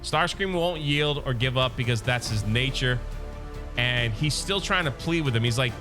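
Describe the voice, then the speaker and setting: A man recapping a story for his channel, excitable and openly a fan. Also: medium pitch, moderate pace, music in the background. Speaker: YouTube reviewer.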